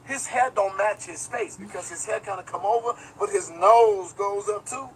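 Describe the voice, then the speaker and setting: A man's voice: high voice, moderate pace, creaky, crowd noise, rough recording. A man giving casual livestream commentary, telling a rambling, profane story and talking straight to his viewers. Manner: talks straight to viewers, reads chat aloud. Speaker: online commentator.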